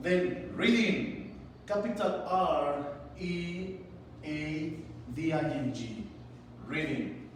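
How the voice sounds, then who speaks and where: A man's voice: on the high side, expressive. Man, English teacher, spells letter by letter, long reverb, faint noise. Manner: encouraging, spells words slowly letter by letter. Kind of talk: online English class for children. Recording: echoey, distant mic with long reverb and faint room noise.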